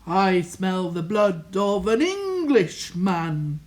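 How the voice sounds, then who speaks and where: A furious man-eating giant from a bedtime storybook thunders his threats, loud and slow. A woman puts him on in a booming voice. Every word lands heavy and menacing. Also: animated. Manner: booming, chanting slowly and loudly.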